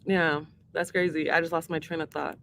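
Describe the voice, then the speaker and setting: A woman's voice: sits low, little pitch movement, moderate pace, vocal fry, a bit bright, a little hiss or hum. A woman hosting a livestream and taking song requests, talking in a rambling, earnest way and swearing freely. She is emotional and teary-eyed. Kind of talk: casual livestream chat.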